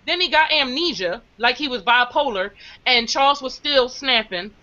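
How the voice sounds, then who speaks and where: A woman telling a story in casual talk, animated, quoting others as she goes. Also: sits high, normal speed. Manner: animated, quotes others in acted voices. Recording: dull lo-fi sound.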